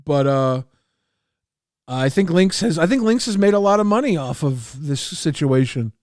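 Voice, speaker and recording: A man's voice: a little high, animated, moderate pace, a little mellow, no room sound, studio quality. A man hosting a livestream talk show, reading donations with a wry, stammering manner. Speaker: livestream host.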